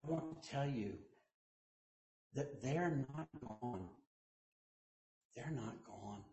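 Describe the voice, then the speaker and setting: A man preaching a sermon as pastor, telling stories and quoting people in hushed voices, then rising to loud emphasis. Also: medium pitch, expressive, slow, faint music behind. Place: church sanctuary. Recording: echoey church room.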